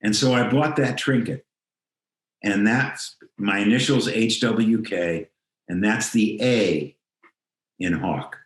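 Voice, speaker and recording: A man's voice: on the low side, slow pace, echoey room. An older man, a guest on a video call interview, telling a personal story reflectively and acting out the dialogue he quotes.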